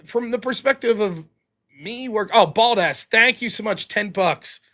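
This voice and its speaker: A man hosting a casual live stream, reading out donations and telling stories, excitable, with sudden loud bursts between mumbled asides. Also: high-pitched, measured pace. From United States. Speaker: stream host.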